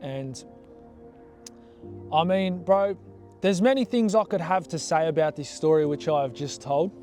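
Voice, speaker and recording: A man's voice: on the high side, measured pace, soft background music. Blunt, foul-mouthed young man telling a story. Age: young adult. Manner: animated, blunt, swears freely. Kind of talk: casual storytelling.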